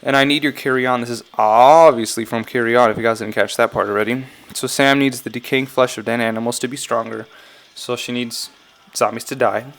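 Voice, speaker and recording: A man's voice: mid-range voice, fairly even intonation, a little fast, creaky. A man casually talking through song lyrics line by line in a vlog, rambling, correcting himself and often saying he's not sure. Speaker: YouTuber analyzing game song lyrics.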